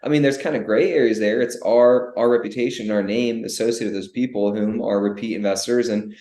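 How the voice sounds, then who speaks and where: A young man co-hosting a business podcast, animated and full of rhetorical questions, often restarting his sentences. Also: on the low side, brisk. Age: young adult. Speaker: podcast co-host. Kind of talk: casual business podcast chat. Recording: echoey room.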